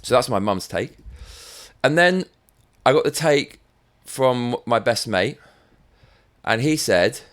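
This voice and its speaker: A man's voice: mid-range voice, animated, takes it slowly, pauses often, fairly bright tone. Sweary English man ranting. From England. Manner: sweary and sarcastic. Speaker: show host. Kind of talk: ranting commentary.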